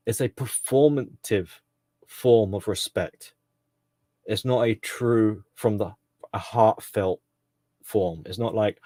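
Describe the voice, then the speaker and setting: A man's voice: lowish voice, normal speed, warm tone, no echo. A man talking in a casual commentary monologue, rambling with frequent fillers and self-corrections.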